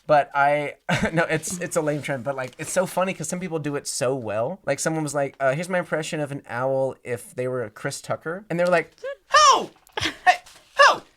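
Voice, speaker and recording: A man's voice: a little high, fairly quick, few pauses. An American man hosting a casual podcast chat, joking and laughing often. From United States. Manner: giggly, animated, joking. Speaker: podcast host.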